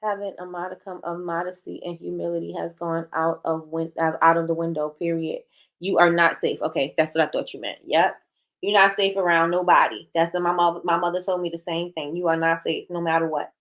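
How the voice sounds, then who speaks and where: A woman's voice: lowish voice, fairly even intonation, a little fast. Blunt, emphatic woman hosting a talk show. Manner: emphatic, repeats phrases for emphasis; frank and blunt. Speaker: host. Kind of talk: casual opinion talk, reading live chat.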